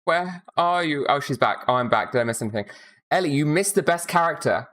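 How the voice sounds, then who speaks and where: A Minnesota streamer plays a game while giving casual, rambling commentary, swearing a lot and throwing in quick asides. His mid-range voice is expressive and fairly bright.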